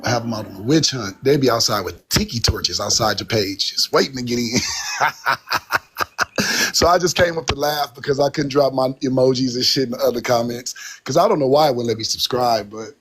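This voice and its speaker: A man's voice: mid-range voice, brisk, breathy edge. A man, a guest on a live stream, talking in a loose, laid-back way. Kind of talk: casual live stream chat.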